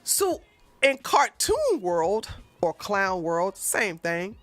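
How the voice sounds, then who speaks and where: A woman giving sarcastic, profane reaction commentary, breaking into loud laughter and shouts. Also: medium pitch, big pitch swings, very slow, no room sound, soft background music.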